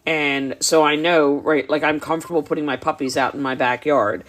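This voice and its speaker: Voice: mid-range voice, steady tone, moderate pace, a bit bright. Chatty dog breeder on a live stream. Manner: chatty, explaining at length. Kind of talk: casual live-stream chat. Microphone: phone or device on a live stream.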